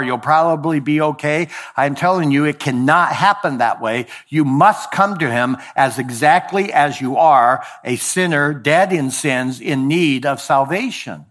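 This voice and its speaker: Here a pastor preaches carefully, stretching out the phrases that matter and finishing lines on a low note. Occasional verbal slips creep in, which he corrects, and his voice has a faintly bright quality.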